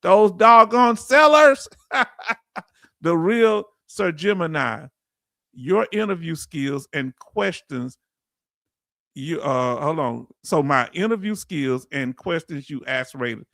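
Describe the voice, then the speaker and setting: Southern man, live-stream host, slightly high voice, dry close sound, loose chatty delivery. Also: animated, slow, gravelly, dry recording. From Southern United States. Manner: warm, chatty, with frequent fillers and restarts. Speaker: YouTube channel host. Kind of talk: live-stream chat shout-outs.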